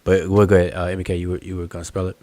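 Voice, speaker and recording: A man's voice: deep voice, completely flat delivery, rapid-fire, darkish tone, no echo. A man hosting an online study group hangout, explaining patiently and thinking aloud over a video call. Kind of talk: casual online hangout discussion.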